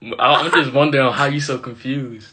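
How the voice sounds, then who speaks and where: A young Dominican man hosting a live stream over a phone video call, relaxed and amused. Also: medium pitch, normal speed, heavy background noise. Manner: amused, laid-back. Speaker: livestream host. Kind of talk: casual live chat.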